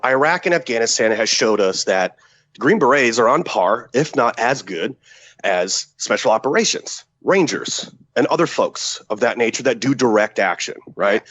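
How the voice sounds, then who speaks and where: Telling a casual story on a podcast, this ex-special forces soldier swears freely, stays animated, and performs the quotes himself. His voice is medium-pitched, and the recording quality is poor.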